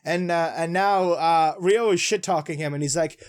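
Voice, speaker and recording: A man casually recapping and reacting to a manga chapter, rambling excitedly with lots of fillers. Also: on the high side, normal speed, few pauses, clean tone. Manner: excitable, rambling, many fillers, retells scenes with "he's like". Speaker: manga reviewer.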